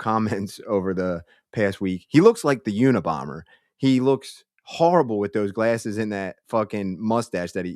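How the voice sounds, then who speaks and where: A man's voice: lowish voice, no room sound, clean studio sound. A man hosting a commentary show, mocking clips in a crude, insulting, blunt way.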